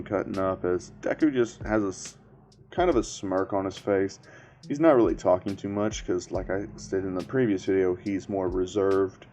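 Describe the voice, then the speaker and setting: A man's voice: deep voice, dark tone, muffled recording. A man casually narrating a story in a loose, rambling way.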